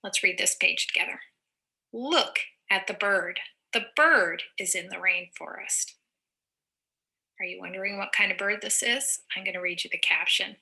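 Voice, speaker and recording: A woman teacher reading a picture book aloud to young children, slowly and encouragingly, stopping to explain words simply. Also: medium pitch, gravelly, bright, forceful tone.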